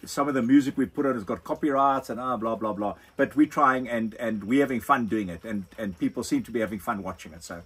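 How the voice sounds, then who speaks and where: A man's voice: medium pitch, fast, hardly any pauses, fairly bright tone, husky, rough recording. An older man with a South African accent hosting a casual question-and-answer chat, rambling and repeating himself as he answers. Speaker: overlanding vlog host. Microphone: phone propped on a wine box.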